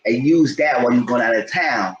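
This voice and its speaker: A man giving a rambling, animated recap of a TV episode in a casual commentary style. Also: medium pitch, brisk, lo-fi sound, a little hiss or hum. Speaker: TV show reviewer. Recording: roomy echo.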